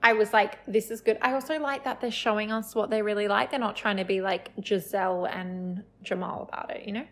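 A woman's voice: mid-range voice, steady tone, a little fast, hardly any pauses, fairly bright tone. A woman co-hosting a casual podcast, giving playful, opinionated takes on reality TV. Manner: opinionated, playful, rants in jest. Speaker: podcast co-host. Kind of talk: casual chat recapping reality TV.

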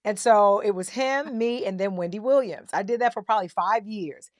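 A middle-aged woman interviewing a guest in casual conversation, telling animated stories and acting out the people she quotes. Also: medium pitch, normal speed, no echo, studio quality. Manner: animated storyteller, breaks into voices when quoting.

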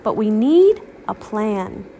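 Mom doing a chirpy biscotti scientist lady, salesy and breezy, bouncy pitch. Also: sing-song, slow, dark tone, a little hiss or hum.

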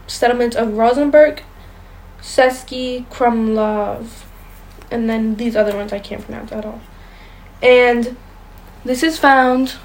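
A young woman co-hosts a casual chat show, reading ghost stories aloud and occasionally tripping over words. Her voice is a little high, and the recording quality is low.

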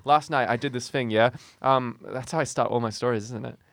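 A young man hosts a casual chat show, quick and rambling, laughing often as he acts out the people in his stories. He speaks at a mid pitch, and the sound is dry and close to the mic. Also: creaky, fairly bright tone, dry recording. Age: young adult. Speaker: podcast co-host.

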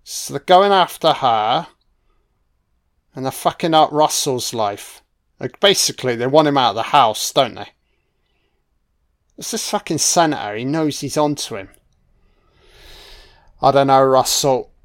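A man's voice: medium pitch, animated, a little slow, long pauses. A man giving a live, profanity-laced reaction commentary over a film, talking back at the characters on screen.

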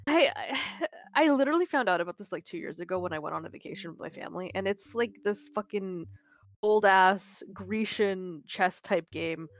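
A young woman chats on a relaxed gaming podcast in a middle-pitched voice. She is self-deprecating and sweary, and laughs as she talks. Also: normal speed. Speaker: podcast co-host. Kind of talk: casual chat.

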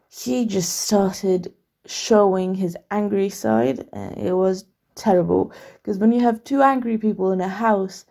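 A woman's voice: medium pitch, gravelly, warm tone. A young woman candidly recounting her childhood and family in a rambling personal vlog, with frequent fillers and restarts.

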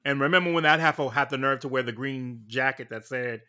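A man co-hosting a podcast, sassy and animated in casual chat, quick to call people names. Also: medium pitch. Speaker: podcast co-host.

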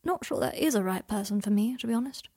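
A woman's voice: on the high side, lively intonation, fast, warm tone. A woman voicing a proud, guarded young man in an audiobook, clipped and prickly in manner. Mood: subdued. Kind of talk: audiobook character voice.

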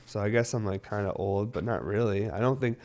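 Man, 30s, low voice; loose, filler-heavy, profane vlogger chat. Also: brisk, a little mellow. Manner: loose, rambling, heavy on fillers, swears often. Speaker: cannabis vlogger. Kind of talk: casual rambling monologue.

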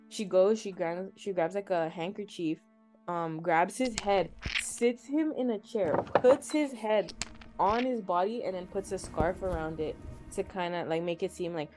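A woman's voice: mid-range voice, moderate pace, a little mellow, faint music behind. A young woman, co-host of a podcast, casually retelling a tale with lots of filler words. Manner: chatty, filler-heavy retelling. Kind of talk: casual storytelling.

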